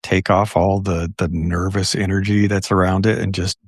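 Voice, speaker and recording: A middle-aged man with a very low, gravelly and husky voice. He talks reflectively in a podcast conversation and leans on anecdotes and quotes. The sound is dry and close. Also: flat delivery, normal speed, no room sound. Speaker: podcast guest. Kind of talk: casual conversation.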